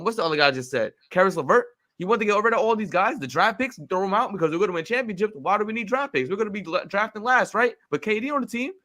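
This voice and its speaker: A man's voice: high-pitched, bright, forceful tone. A man co-hosting a sports podcast, ranting emphatically and repeating his points in a heated debate. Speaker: podcast co-host.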